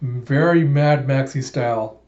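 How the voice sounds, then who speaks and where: A man casually retelling a comic page by page in an animated way, laughing often. His voice is mellow, and it is recorded in a roomy space with slightly dull sound. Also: medium pitch, unhurried. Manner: animated, laughs often, says "you know". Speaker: comic readthrough host.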